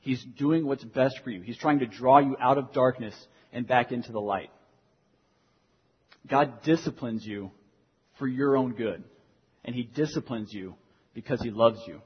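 Young male pastor, earnest sermon delivery, slightly husky, lo-fi recording with long hall reverb. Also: mid-range voice, unhurried, long pauses. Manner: earnest, repeats key phrases for emphasis. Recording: dull lo-fi sound in a reverberant hall.

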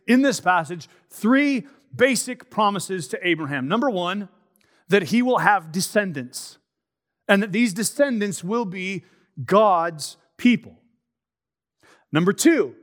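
A man preaching a sermon, reading scripture aloud and teaching in a measured, emphatic way with pauses. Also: high-pitched, fairly bright tone.

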